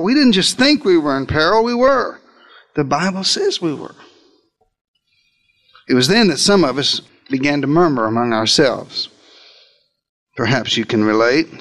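High-voiced male preacher, dramatic storyteller. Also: a bit bright. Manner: storytelling with big swings in pitch and volume. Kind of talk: dramatic first-person sermon.

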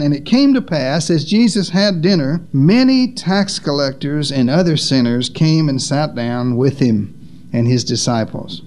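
A man preaching a sermon, with dramatic pauses and sharp drops in pitch for emphasis.

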